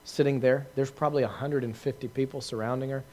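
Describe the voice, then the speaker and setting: A man's voice: medium pitch, steady tone, fast, a little mellow. A man giving an informal talk to a group, telling a story in a conversational way with many fillers, restarts and laughs at himself. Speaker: preacher answering questions.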